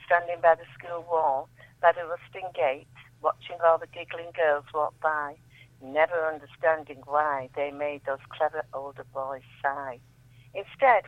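A woman guest reading her own poetry aloud in a measured, dramatic way, often dropping almost to a whisper. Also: on the low side, no room sound. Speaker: guest poet. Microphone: telephone. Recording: tinny phone line.

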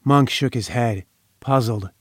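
A man reading a crime story aloud in measured, dramatic audiobook narration. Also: medium pitch, a little mellow, dry recording, studio quality.

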